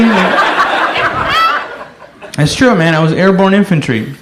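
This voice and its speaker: High-voiced man doing rowdy stand-up. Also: animated, drawn-out words, pauses often, echoey room, very noisy. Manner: rowdy storytelling with loud shouted voices. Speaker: stand-up comedian. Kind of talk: stand-up comedy set.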